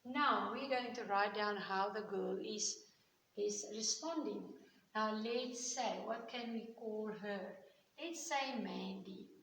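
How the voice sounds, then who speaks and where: Slow, patient woman teacher in echoey room. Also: medium pitch, a bit bright. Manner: patient, explains step by step with frequent checks. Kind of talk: recorded classroom grammar lesson. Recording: echoey room with long reverb and faint hiss.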